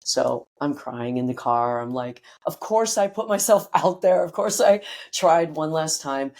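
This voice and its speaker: Animated middle-aged woman telling a story. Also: low voice, a little slow. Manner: animated, acts out quotes, casual swearing. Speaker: guest, breathwork teacher. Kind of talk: personal storytelling in a podcast interview.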